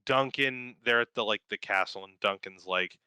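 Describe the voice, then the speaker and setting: A man talking loosely on a podcast, swearing freely and rambling with eager excitement. His voice is bright and forceful, crisp and smooth, and the recording is dry and close. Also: fairly low pitch, moderate pace, dry recording, rough recording. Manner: profane, enthusiastic, rambling with fillers. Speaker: podcast co-host. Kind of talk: casual chat, recapping a cartoon series.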